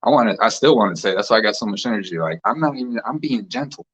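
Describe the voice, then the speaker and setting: A man's voice: fairly low pitch, rapid-fire, breathy edge. A man who channels spirits, giving a rambling, casual spiritual talk full of fillers. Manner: rambling, animated, filler-heavy. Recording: dull lo-fi sound.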